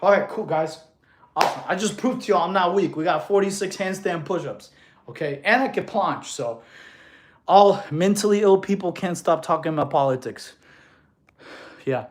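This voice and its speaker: A man's voice: sits high, lively intonation, moderate pace. A man coaching fitness on a casual livestream, laughing often and answering chat questions, filmed on a tripod camera.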